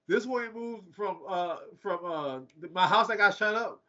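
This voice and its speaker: A man's voice: sits high, unhurried, pushed and bright, lo-fi sound. A young man from Detroit co-hosting a podcast, telling rambling, profane stories in a casual chat and laughing between them. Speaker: podcast co-host.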